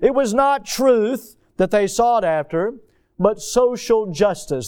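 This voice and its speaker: Pastor, male, higher voice, smooth and resonant, earnest sermon delivery. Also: a little mellow. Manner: earnest preaching, slows for emphasis on key phrases.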